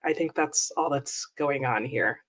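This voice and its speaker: A woman's voice: rumbling low, unhurried. Chatty woman reading out live comments. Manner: upbeat, reads viewer comments aloud with little exclamations. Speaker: livestream host. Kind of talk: casual live-chat reading stream. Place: at her desk at home.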